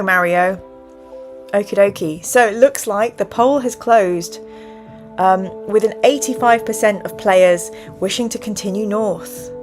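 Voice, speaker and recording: A woman hosting a live stream from home, chatting in rambling asides and reading an adventure book aloud. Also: mid-range voice. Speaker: host. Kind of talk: live-streamed gamebook play and chat.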